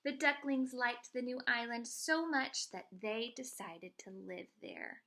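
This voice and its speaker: A woman teacher reading a picture book aloud to children, expressive and pointing out the pictures. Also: fairly high pitch, a little slow, creaky.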